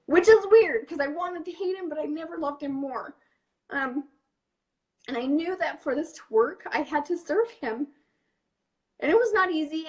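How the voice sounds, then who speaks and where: A young woman hosting a webinar, talking candidly and directly to an audience of women in casual chat. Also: high-pitched. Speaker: webinar host and coach.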